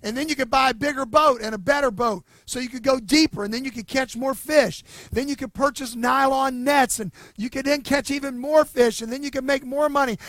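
A pastor voicing a pushy rich industrialist. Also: male voice, very high voice, a bit bright, no echo, voice pushed up. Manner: eager, salesman-like urging.

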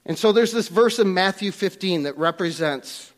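Male pastor, higher register, emphatic sermon delivery. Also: moderate pace. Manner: emphatic, rising on key points, with restarts.

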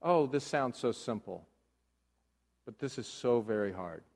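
A male pastor giving a conversational sermon, moving between hushed talk and loud emphasis. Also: medium pitch, animated, measured pace, long reverb tail.

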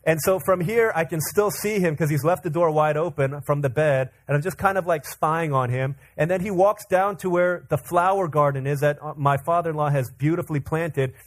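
A man preaching a sermon, telling a family story in an animated way, acting out quotes and laughing often. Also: on the high side, a little fast, hardly any pauses. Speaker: pastor. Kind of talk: sermon with personal stories.

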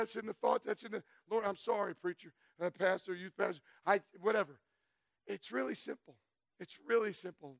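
A middle-aged man giving a folksy, animated testimony sermon, telling stories and breaking into shouts. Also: high-pitched, creaky, no echo. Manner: folksy, storytelling, bursts into shouts.

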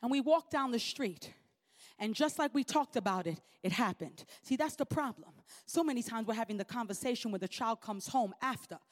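A woman preacher delivers her sermon with a high voice. She drives her points home through repetition and a strong, emphatic cadence. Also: animated, moderate pace.

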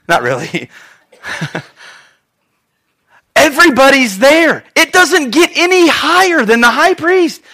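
A male pastor with a notably high, bright voice delivers a sermon. He tells the story with humor and animated voices, laughing now and then. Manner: jokey and lively, laughs often.

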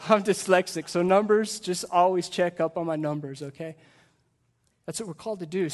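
A man's voice: fairly high pitch, fairly bright tone. A middle-aged man, a pastor preaching a sermon into a pulpit microphone, earnest and emphatic, asking the congregation rhetorical questions.

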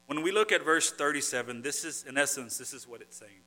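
A man's voice: mid-range voice, lively intonation, fairly quick, hardly any pauses, pushed and bright, faint music behind. A man preaching a sermon, earnest and conversational, who often restarts phrases and builds to emphatic points. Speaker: pastor.

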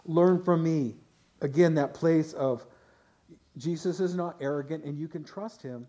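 A man's voice: fairly high pitch, moderate pace, dark tone. A man pastor preaching a sermon in a conversational way, often restarting phrases and voicing quotes.

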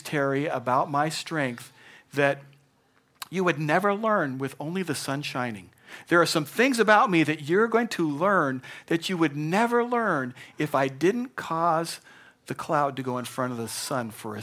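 An older man preaching a sermon in an earnest, conversational way, moving between hushed and emphatic delivery. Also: on the high side, lively intonation, normal speed. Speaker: pastor.

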